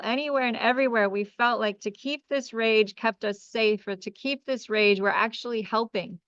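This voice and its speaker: Enthusiastic woman leading an energy clearing. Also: a little high, steady tone, fairly bright tone, dry recording, lo-fi sound. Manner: enthusiastic and effusive, with exclamations and chuckles; slow, incantatory commands and guided breathing. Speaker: spiritual energy healer leading a group session. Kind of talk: guided group energy clearing on a video call.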